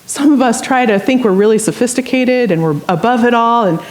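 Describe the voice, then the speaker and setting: A woman's voice: on the high side, a little fast, a little mellow. A woman pastor giving a sermon in a church, conversational and storytelling, with asides to the congregation. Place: church sanctuary.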